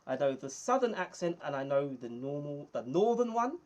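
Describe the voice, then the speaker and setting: A man's voice: a little high, sing-song, moderate pace. Friendly man chatting on a livestream. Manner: chatty and friendly, thanks viewers by name. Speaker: small YouTuber hosting a livestream. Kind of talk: casual live-stream chat reading viewer comments. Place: indoors under bright lights.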